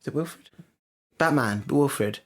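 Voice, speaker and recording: A man's voice: mid-range voice, slow. A man co-hosting a casual podcast, given to incredulous outbursts. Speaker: podcast co-host. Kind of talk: casual chat.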